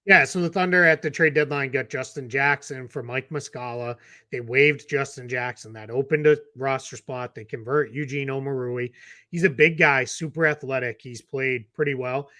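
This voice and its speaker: Male co-host with a Boston accent, casual analyst, dry close mic, middle pitch. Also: bright, forceful tone, no room sound. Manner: quick, loose analysis with fillers and restarts. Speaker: podcast co-host, basketball analyst. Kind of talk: casual chat.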